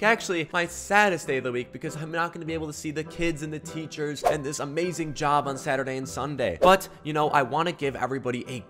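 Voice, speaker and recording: A man narrating a game roleplay as a principal, animated and playful, laughing often. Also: fairly high pitch, quick pace, few pauses, faint music behind.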